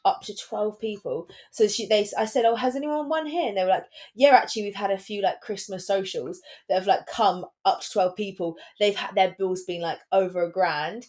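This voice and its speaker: A woman's voice: mid-range voice, steady tone, darkish tone. A young woman, co-hosting a podcast and telling stories in a casual chat full of "like". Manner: rapid, filler-heavy storytelling with lots of "like". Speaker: podcast co-host.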